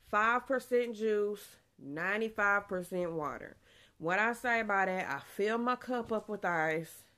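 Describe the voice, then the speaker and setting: A young woman, chatting casually in a pregnancy vlog, a bit out of breath, laughing often. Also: medium pitch. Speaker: vlogger.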